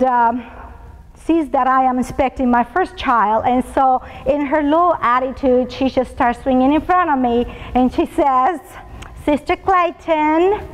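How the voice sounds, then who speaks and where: Her voice sits high, and the rough recording was made in a large hall. She is in her fifties, comes from Colombia and Venezuela, speaks with a Venezuelan Spanish accent, and tells stories during a prepared school event talk, often saying um and uh.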